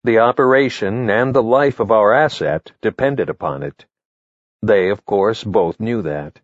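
Low-voiced man reading a memoir. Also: dry recording, lo-fi sound. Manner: measured, matter-of-fact storytelling. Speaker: memoir narrator. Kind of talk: first-person memoir narration, read from a script.

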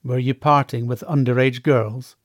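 A man's voice: medium pitch, steady tone, moderate pace, no room sound, clean studio sound, lightly acted. A man voicing a menacing, crude, tattooed male convict who threatens his new cellmate.

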